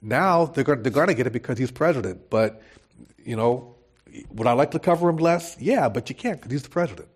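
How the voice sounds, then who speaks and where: Animated male journalist on a panel. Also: mid-range voice, a little fast, husky. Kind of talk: panel discussion.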